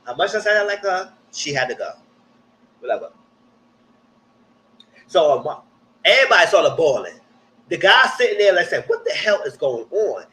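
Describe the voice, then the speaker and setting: A young man, hosting a live reality TV recap in casual commentary with animated, exaggerated re-enactments. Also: high voice, moderate pace, long pauses, rough recording.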